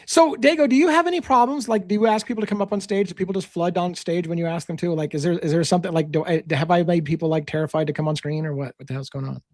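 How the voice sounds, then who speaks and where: Male co-host, quick rambling delivery, higher voice, dry sound. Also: darkish tone, no echo. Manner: rambling, self-interrupting, joking. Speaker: co-host of a live stream. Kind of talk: casual live-stream chat.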